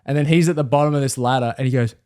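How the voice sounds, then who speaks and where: A young man on a podcast, talking at an ordinary middle pitch in a loose, chatty way. He swears a lot and tells his story with energy. He often slips into the voices of the people he is telling about. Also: rapid-fire, clear, resonant tone, no room sound, studio quality. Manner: swears freely, animated storyteller who mimics others. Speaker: podcast host. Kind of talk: casual storytelling chat.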